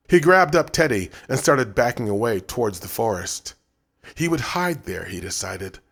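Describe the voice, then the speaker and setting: A man narrating an audiobook in a measured, subdued way. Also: lowish voice. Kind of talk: scripted narration.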